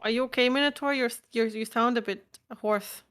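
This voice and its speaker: A woman's voice: a little high, fairly quick, a bit bright, clean tone. A woman player joking and teasing during a tabletop game.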